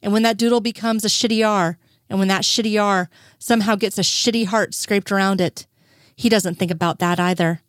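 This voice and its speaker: A young woman reads a fan fiction story aloud with a loose, profane, conversational delivery. Her voice sits at an ordinary middle pitch. The recording is dry, with no room sound. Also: fairly even intonation, brisk, no echo. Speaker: narrator. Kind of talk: scripted fan fiction reading.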